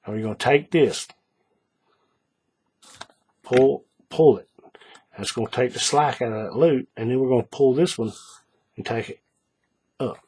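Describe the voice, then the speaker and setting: A man calmly talking through a paracord bracelet tutorial step by step, patient and repetitive, often checking in with the viewer. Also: mid-range voice, measured pace, pauses often, husky. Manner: patient, repeats steps, checks in with "all right?". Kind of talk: hands-on craft tutorial.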